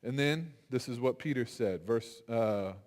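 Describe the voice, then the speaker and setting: A man giving a chapel sermon in an animated, conversational way, acting out quotes as he goes. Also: mid-range voice, measured pace. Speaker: chapel speaker. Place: university chapel. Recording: long hall reverb.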